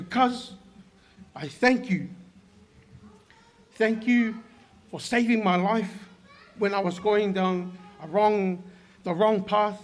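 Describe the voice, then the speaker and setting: A man giving a heartfelt eulogy at a funeral service, telling stories haltingly with many pauses. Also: high voice. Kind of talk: emotional eulogy. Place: church service hall.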